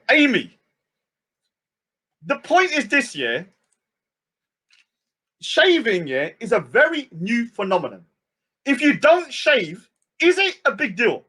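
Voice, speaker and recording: A man hosting a live stream, ranting and mocking, swinging between shouts and low mutters.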